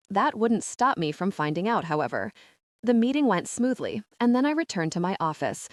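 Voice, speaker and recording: Expressive woman narrating an audiobook. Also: fairly low pitch, no room sound, studio quality. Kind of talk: first-person audiobook narration.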